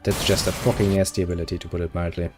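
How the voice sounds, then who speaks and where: A man casually commenting on a role-playing game, swearing in a relaxed, sarcastic way and reading the game's text aloud. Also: deep voice, very fast, loud music behind the voice. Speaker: gaming video host.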